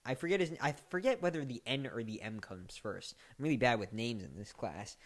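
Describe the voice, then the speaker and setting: A man giving casual sports commentary as a podcast host, chatty and joking, his voice climbing into animated, mocking outbursts. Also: mid-range voice, brisk. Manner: chatty, laughs and mocks with rising animated outbursts.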